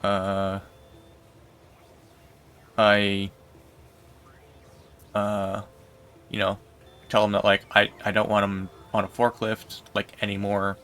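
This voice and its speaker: A man livestreaming while gaming, telling a long story in a rambling, unhurried way with lots of fillers. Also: fairly low pitch, monotone, fairly bright tone, smooth.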